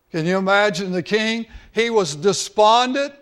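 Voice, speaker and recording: A man's voice: high-pitched, expressive, normal speed, fairly bright tone. A male pastor preaching a sermon, earnest, drawing out key words for emphasis.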